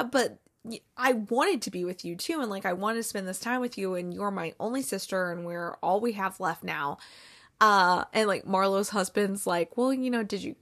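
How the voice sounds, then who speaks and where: A woman retells a movie plot in a loose, chatty way, slipping into the characters' lines. She sounds close to tears. Her mid-range voice has a slightly gravelly edge. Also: medium pitch, normal speed, a bit bright. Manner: chatty retelling, acts out quotes, fillers like "like". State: tearful, near crying. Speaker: podcast host reviewing movies. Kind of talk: casual movie recap.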